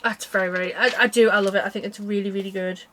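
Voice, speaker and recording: A woman's voice: medium pitch, steady tone, rapid-fire, sharp tone, slight background noise. A young woman chatting casually about cross stitch designs, tired and yawning, rambling with small laughs. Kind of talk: casual chat.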